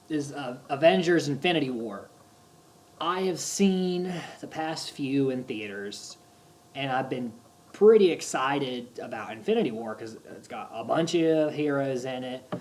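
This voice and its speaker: A man casually reviewing movies on his vlog, talking like an excitable, gushing fan with lots of rambling restarts. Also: medium pitch.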